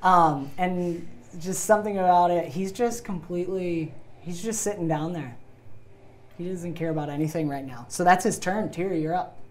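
A woman's voice: fairly low pitch, moderate pace, slight background noise. A woman narrating a tabletop role-playing game as game master, giggling often and adding sound effects to her storytelling.

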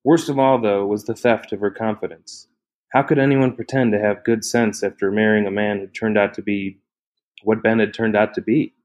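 A man with a fairly low voice narrates a novel in an even, measured way. He reads steadily and plainly between the characters' lines. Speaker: audiobook narrator. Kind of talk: scripted narration.

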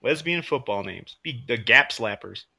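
Rowdy, lively man swearing and laughing. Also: mid-range voice, moderate pace, creaky. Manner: profane, laughing, joking in a rowdy voice. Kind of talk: crude comedic banter while streaming.

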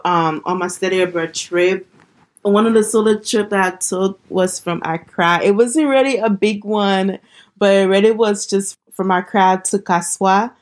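A young woman from Liberia casually telling a personal travel story, chatty and full of "like" fillers. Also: lowish voice.

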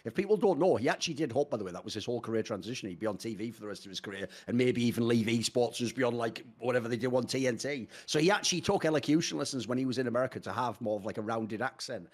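A young British man co-hosting an esports podcast, telling stories fast and mimicking people in casual chat. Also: mid-range voice, lively intonation. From Britain. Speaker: esports commentator and podcast co-host.

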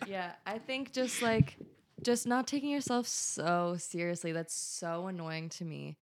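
A woman's voice: on the low side, measured pace, a little hiss or hum. Young woman, playful, swears a bit, just chatting with friends. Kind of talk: casual group chat.

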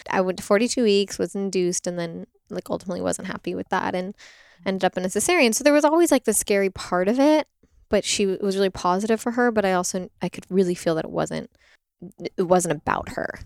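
Chatty young woman with a gravelly edge. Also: medium pitch, fast, no room sound, studio quality. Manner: animated storytelling, frequent "like", acts out quoted voices. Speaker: interview guest, doula and product maker. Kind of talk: casual conversational interview.

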